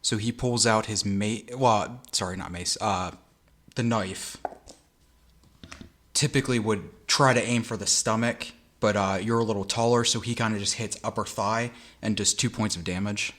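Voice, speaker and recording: Male game master, low voice, relaxed descriptive narration, casual fillers. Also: moderate pace, a little hiss or hum.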